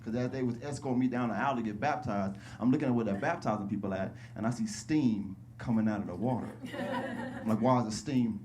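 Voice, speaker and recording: A male stand-up comedian telling stories casually on a club stage, slipping into high-pitched voices when he quotes people. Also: fast talker, background noise. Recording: live club recording with audience laughter.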